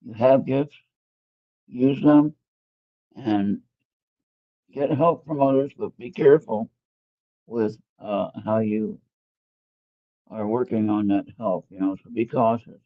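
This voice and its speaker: A man's voice: lowish voice, steady tone, slow pace, long pauses, dry recording, narrow, tinny audio. A man hosting a casual tarot reading show, rambling and talking to himself as he fumbles with his phone. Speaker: tarot reader hosting an internet radio show. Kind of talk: casual live spiritual reading and chat.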